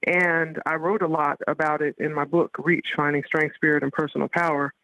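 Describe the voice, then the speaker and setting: A woman's voice: sits low, fairly quick, no room sound. A woman guest speaking frankly and matter-of-factly in a podcast interview. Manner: frank, steady, matter-of-fact. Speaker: interview guest, former boxer. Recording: dull dry lo-fi line.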